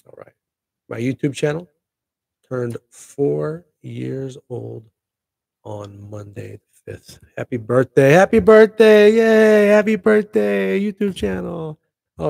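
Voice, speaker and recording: A middle-aged man hosting his own show in casual chat, excitable and rambling with laughing asides. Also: medium pitch, gravelly, husky, no echo. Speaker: podcast host.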